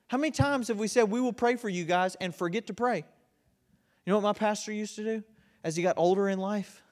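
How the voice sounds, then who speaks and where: A man with a high voice delivers an impassioned sermon. He drives his points home with force, then drops low and quiet to press them in. He sounds middle-aged. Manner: impassioned preaching, swings between loud emphasis and quiet intensity. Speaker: pastor.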